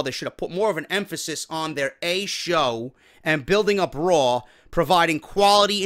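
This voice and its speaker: High-pitched profane ranting man. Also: fairly bright tone. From New York. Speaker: wrestling show host. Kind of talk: ranting commentary.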